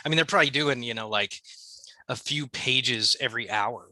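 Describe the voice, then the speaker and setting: Bright, laid-back male podcast co-host. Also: medium pitch, moderate pace, no echo, low-quality recording. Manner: laid-back, swears freely, laughs often. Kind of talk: casual chat.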